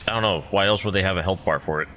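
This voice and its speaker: A man's voice: low voice, racing, bright, forceful tone, faint music behind. A man giving rambling, self-deprecating commentary while playing a video game. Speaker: gamer. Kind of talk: casual gameplay commentary.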